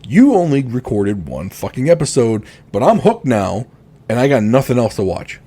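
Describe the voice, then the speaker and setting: A man's voice: mid-range voice, moderate pace, husky. A man co-hosting a podcast in casual chat, ranting freely and swearing often. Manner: animated, swears freely, exasperated rants. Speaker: podcast co-host.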